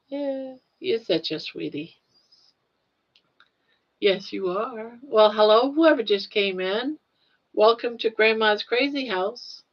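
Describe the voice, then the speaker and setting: A woman's voice: a little high, lively intonation, slow pace, pauses often, highs cut off. An older woman hosting a casual live stream, chatting with viewers and cooing at her pet in baby talk with lots of giggles.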